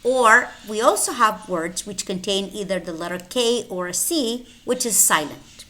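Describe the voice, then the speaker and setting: A woman's voice: medium pitch, unhurried, bright, forceful tone. A woman teaching English pronunciation, saying each example word twice with careful enunciation. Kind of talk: slow, deliberate pronunciation lesson.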